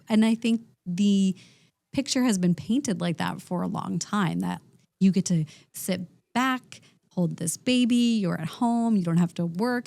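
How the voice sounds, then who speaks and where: A woman's voice: mid-range voice, a little slow, creaky, a little mellow, no room sound. A woman in her thirties hosting a podcast, talking openly and frankly in a casual chat. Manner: open, chatty, frank.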